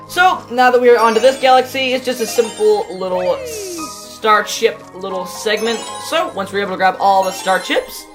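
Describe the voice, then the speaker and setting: A woman's voice: mid-range voice, poor audio. A woman hosting a let's play, chatting casually about the game as she plays and swearing now and then. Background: game music.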